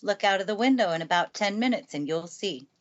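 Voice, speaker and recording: A woman voicing a stern, brisk middle-aged housekeeper in a storybook reading, on a dull lo-fi recording. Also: medium pitch, animated, natural voice. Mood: matter-of-fact.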